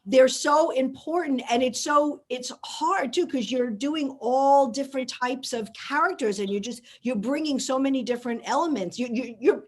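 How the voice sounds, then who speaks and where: Rambling woman host, slightly high voice. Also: moderate pace, few pauses. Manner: rambling, repeats words while searching for phrasing. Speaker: podcast host. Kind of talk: casual interview chat.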